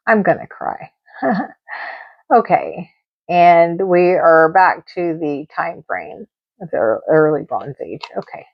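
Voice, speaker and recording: This woman, whose voice is on the low side, hosts a live-stream tarot reading. She rambles emotionally, full of fillers and repeated words, and the dry recording has a dull lo-fi live-stream quality.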